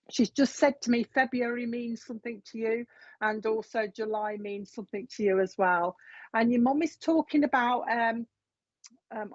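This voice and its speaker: A woman's voice: fairly high pitch, darkish tone, dry recording. A woman giving a live mediumship reading in a chatty, repetitive way. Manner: chatty, repeats messages from spirit. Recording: dull, dry lo-fi sound.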